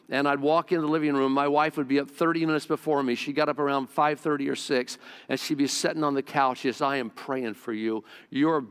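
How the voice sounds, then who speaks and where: A man's voice: a little high, smooth, big-room sound. An older man preaching a sermon in church, telling personal stories earnestly and repeating words for emphasis. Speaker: pastor. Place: church sanctuary.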